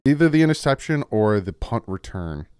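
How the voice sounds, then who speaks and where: A man hosting a casual football film breakdown at a desk microphone, emphatic and repetitive, his voice jumping up when he gets excited. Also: mid-range voice, moderate pace, clean tone, no echo, clean studio sound. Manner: emphatic, repeats points, voice jumps when excited. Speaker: football film-study host.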